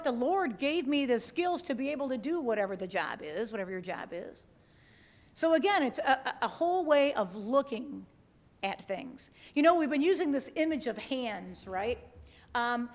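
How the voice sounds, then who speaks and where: A woman pastor giving a conversational sermon to an online congregation, often checking in with her listeners. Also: on the high side. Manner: conversational, asks the listeners with frequent tag questions. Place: church livestream.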